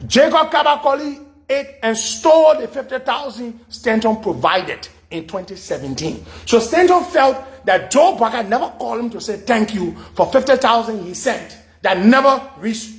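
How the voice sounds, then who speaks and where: A man's voice: very high voice, normal speed. A middle-aged man, hosting a radio talk show and telling a long story, acting out the voices of the people he quotes. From Liberia. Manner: animated, acts out quoted dialogue in shifting voices. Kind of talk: storytelling monologue.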